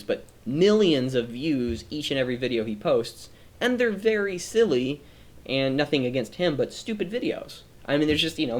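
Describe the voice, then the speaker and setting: A man streaming a reflective personal monologue, earnest and rambling, often restarting his sentences, emotional and near tears. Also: mid-range voice. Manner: earnest, rambling, self-correcting.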